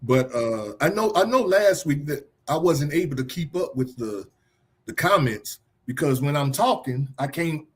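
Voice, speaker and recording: A man's voice: a little high, lively intonation, moderate pace, slightly rough. A man hosting a podcast, chatting loosely, teasing and laughing often. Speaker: podcast host. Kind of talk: casual talk show chat.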